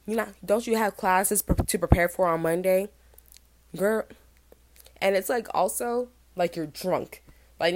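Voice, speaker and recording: A young woman hosts her own podcast and chats through a story, animated and quick to mimic other people. Her voice sits fairly low for a woman, and the dry, close recording has no room sound around it. She sounds a little under the weather. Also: dry recording. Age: 20s. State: feeling sick, burping. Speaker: podcast host. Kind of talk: casual storytelling monologue.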